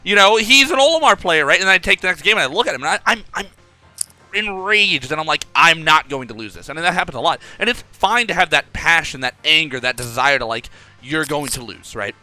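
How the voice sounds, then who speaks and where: A young man coaching a player over a call in a casual, animated way, often acting out his own thoughts aloud. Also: fairly high pitch, brisk, no room sound, soft background music.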